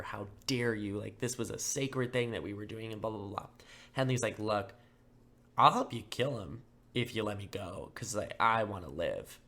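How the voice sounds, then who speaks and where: A young man hosting a true-crime podcast, telling the story casually with lots of fillers and flat acted-out quotes. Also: fairly low pitch, creaky. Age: young adult. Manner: casual, filler-heavy, acts out quotes in flat mock voices. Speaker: podcast host.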